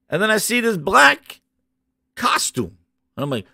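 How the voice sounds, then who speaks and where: A man hosting a gaming channel, ranting about a show in an animated, mocking way and jumping up into high shouts. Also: moderate pace, vocal fry, no echo, clean studio sound.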